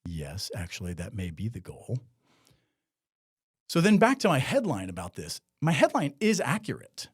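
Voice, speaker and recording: A man's voice: mid-range voice, wildly swooping pitch, normal speed, slightly rough. A man hosting a solo commentary podcast, talking in a sarcastic, conversational way with many filler words. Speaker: podcast host.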